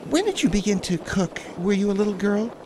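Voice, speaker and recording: A man's voice: high voice, lively intonation, fairly quick, noisy background. A man playing a gushing chat show host who fumbles names.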